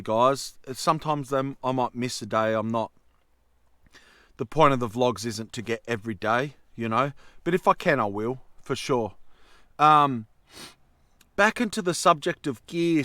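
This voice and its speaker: A man's voice: mid-range voice, moderate pace, fairly bright tone, dry recording, clean studio sound. A young adult man, chatting casually inside his camper van and telling meandering stories. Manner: chatty, colloquial, meandering storyteller. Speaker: vlogger. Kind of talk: casual rambling vlog chat.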